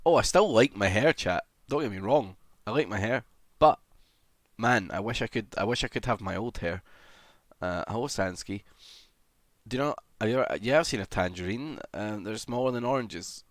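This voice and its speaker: A man's voice: lowish voice, moderate pace, dry recording, clean studio sound. A young man livestreaming in casual chat, greeting viewers one by one and swearing casually.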